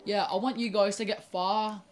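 A woman's voice: medium pitch, fairly even intonation, normal speed, slight background noise. A young woman rambles to her viewers while playing a game, often restarting her sentences and swearing at the game. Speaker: gaming YouTuber. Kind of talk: casual gaming commentary.

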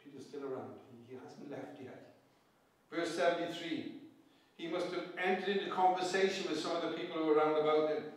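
A man's voice: fairly high pitch, brisk. Man preaching, Pembrokeshire Welsh accent, echoey church. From Pembrokeshire, Wales. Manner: earnest, with rhetorical questions and repeated phrases. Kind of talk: evening sermon. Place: church hall. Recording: very echoey church, distant mic.

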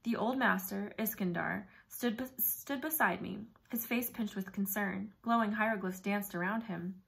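A woman's voice: mid-range voice, normal speed, creaky, fairly bright tone. Woman narrating a first-person story. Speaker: audiobook narrator.

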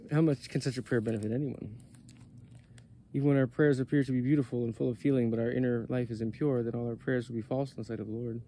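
A man giving a steady, earnest devotional reading at a spiritual gathering. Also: mid-range voice, slight background noise. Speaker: reader of scripture at a satsang.

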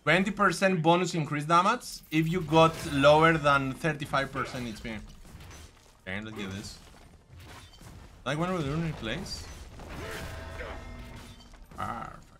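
A man giving live gameplay commentary, reacting excitably and shouting at times. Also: on the high side, measured pace, long pauses, faint music behind. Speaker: gameplay streamer.

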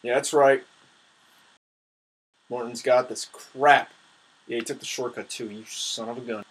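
A young man giving casual, excitable commentary on his own gameplay, trash-talking his opponents. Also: medium pitch, measured pace, breathy edge, low-quality recording.

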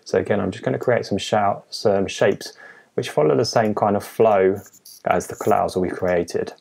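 Low gravelly-voiced man teaching illustration. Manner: relaxed, methodical, frequent "um"s and self-corrections. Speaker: illustrator teaching a design tutorial. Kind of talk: screen-recorded software tutorial narration.

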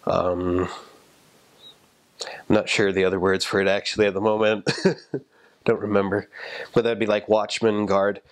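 A young man, a returned missionary, giving chatty, casual advice and laughing at his own stories. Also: lowish voice.

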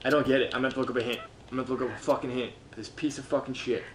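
A man's voice: racing, slight background noise. A man commentating his own gameplay, frustrated and swearing constantly, talking to himself. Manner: lively pitch, swings between muttering and yelling. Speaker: gameplay streamer.

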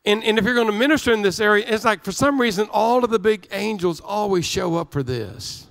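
Man, pastor, sermon, emphatic, repetitive phrasing, higher-pitched voice. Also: lively intonation, fairly quick, vocal fry, a bit bright. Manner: emphatic preaching with repetition and stammered restarts.

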